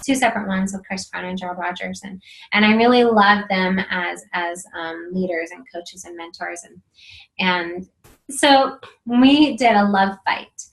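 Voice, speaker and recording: A woman's voice: medium pitch, unhurried, vocal fry, low-quality recording. A middle-aged woman hosting a marriage video series, talking to camera in an earnest, encouraging way with many fillers. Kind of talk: casual talk to camera.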